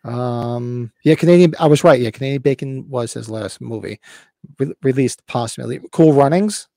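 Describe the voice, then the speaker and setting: A man in his fifties co-hosting a casual livestream podcast, excited, swearing freely and acting out movie lines. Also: mid-range voice, moderate pace, vocal fry, no room sound, studio quality. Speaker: podcast co-host.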